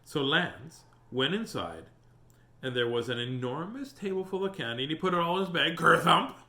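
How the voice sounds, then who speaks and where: A man with a somewhat high voice hosts a storytime at normal speed, reading a picture book aloud and chatting with his viewers. He's animated and talkative and greets the audience, while the recording carries a roomy echo.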